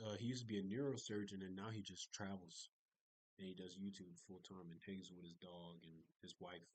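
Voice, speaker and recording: A young man talks through his day in a loose, rambling video diary, piling up fillers and restarts as he goes. His voice sits a little low, and the sound is dry and close, with no room around it. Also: no echo, low-quality recording. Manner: rambling, chatty storytelling with many fillers and restarts. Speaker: vlogger.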